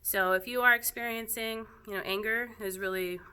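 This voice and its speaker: A woman yoga teacher speaking casually to her students in a gentle, reflective way, laughing softly now and then. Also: fairly high pitch, fairly even intonation, moderate pace, clear, resonant tone. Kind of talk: casual spoken talk to students.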